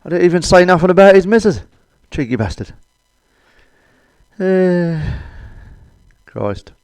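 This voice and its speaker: A man's voice: high-pitched, very animated, unhurried, darkish tone, smooth, no echo. A middle-aged British man doing a crude stand-up comedy monologue, blunt and cheeky, swearing often. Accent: British English.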